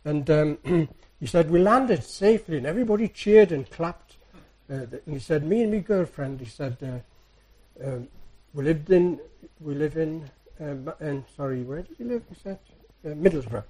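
Soft-spoken man telling church stories. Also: fairly high pitch, expressive, normal speed, hardly any pauses, breathy edge, low-quality recording. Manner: soft-spoken, rambling storyteller. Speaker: church speaker. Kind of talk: anecdotal sermon.

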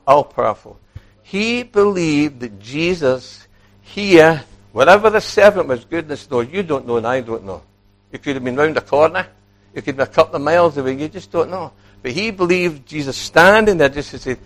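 A man preaching a sermon, animated, acting out quoted speech and putting questions to his listeners. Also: a little high.

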